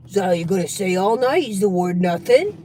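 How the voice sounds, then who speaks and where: Brief: a woman playing a nosy relative, needling with questions, lower and more even than her usual voice. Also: fairly quick, a little hiss or hum, lightly acted. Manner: nagging, probing questions. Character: prying, needling relative at a holiday dinner.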